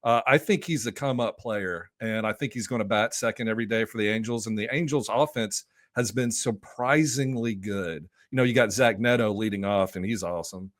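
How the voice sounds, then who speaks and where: A man's voice: lowish voice, fairly quick, few pauses, dry recording. Male podcast guest, enthusiastic rambling delivery, dry sound. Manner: loose and enthusiastic, many fillers and restarts. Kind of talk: casual podcast chat.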